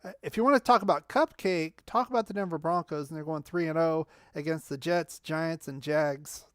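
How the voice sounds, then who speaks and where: A man's voice: on the high side, normal speed, clear, resonant tone, no echo. Guy ranting about his football team on a livestream, firing back at chat, fired up and argumentative, dry close sound, not much room. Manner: heated, argumentative, talks back to chat commenters. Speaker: fan channel livestream host. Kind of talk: sports fan livestream commentary, reading chat.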